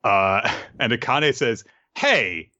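Deep-voiced man recapping in rambling chat. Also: animated, a little slow, pushed and bright, muffled recording. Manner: rambling, many fillers and restarts. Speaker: podcast host recapping an anime.

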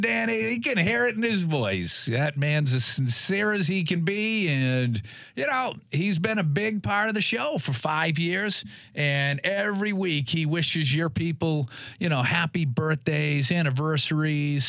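Halting male podcast host, dry sound. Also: medium pitch, creaky, no room sound. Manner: warm, halting, many restarts. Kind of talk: casual podcast conversation.

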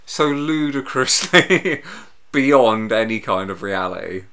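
A man's voice: medium pitch, lively intonation, takes it slowly, fairly bright tone, clear, resonant tone. A man in casual comedic chat, a dry grumbler telling a story and mimicking other people.

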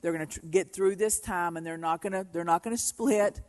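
A woman's voice: on the low side, brisk, darkish tone. Earnest woman preaching in a hall. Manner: earnest, heartfelt storytelling. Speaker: pastor's wife co-leading the sermon. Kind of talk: sermon. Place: church sanctuary. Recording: long reverb of a large hall.

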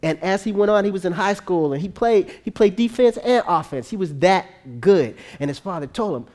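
An animated preacher telling a long story in a sermon, talking to the congregation in a loose, conversational way. The voice sits in an average pitch range and often drops lower and quieter during the telling. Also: brisk. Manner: conversational, animated, frequent tag questions.

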